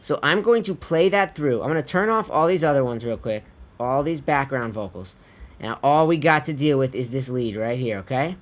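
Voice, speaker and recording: A man's voice: medium pitch, moderate pace. A man casually walking viewers through a vocal tuning tutorial, chatty and laid-back, swearing offhand and calling the viewers his friends. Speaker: music producer teaching vocal tuning. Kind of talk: casual screen-recorded tutorial.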